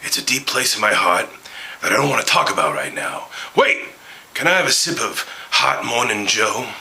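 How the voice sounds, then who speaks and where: A man voicing a crude, flirtatious aging male movie star in a comedic impression, gravelly, lurching between whispers and shouted outbursts. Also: fairly low pitch, lively intonation, normal speed, full character voice, rough recording. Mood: brash.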